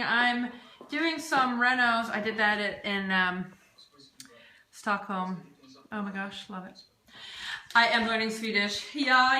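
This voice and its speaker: A woman's voice: a little high, pushed and bright. A woman chatting casually on a phone livestream from home, rambling with many fillers. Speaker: athlete hosting a livestream. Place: room at home. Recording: roomy home recording.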